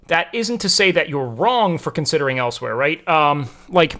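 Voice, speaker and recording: A man's voice: fairly high pitch, very animated, moderate pace, pushed and bright. A young man streaming, chatting casually with viewers and explaining lifting technique, rambling with many fillers and restarts. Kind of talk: casual chat answering viewers about lifting.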